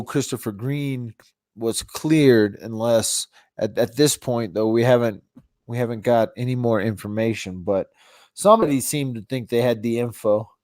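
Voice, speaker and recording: A man's voice: mid-range voice, mellow, dry recording. A man with a stuffy nose from a cold, hosting a casual live-stream chat, rambling, laughing often and restarting his sentences. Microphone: phone.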